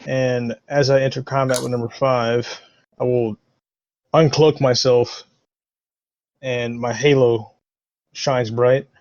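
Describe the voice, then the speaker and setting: A man's voice: mid-range voice, little pitch movement, slow pace, pauses often, darkish tone, no echo, highs cut off. A man playing a tabletop game, eagerly describing his character's actions in dramatic terms. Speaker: player.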